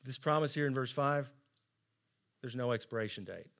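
A middle-aged man preaching a sermon, earnest and emphatic, often dropping to soft asides. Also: medium pitch, normal speed. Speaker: pastor.

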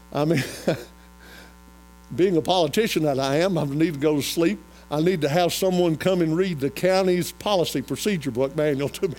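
A man preaching a folksy sermon, retelling a Bible story and getting louder as he goes. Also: on the high side, rough recording. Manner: animated, rises to loud excitement when retelling the story. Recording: faint mains hum.

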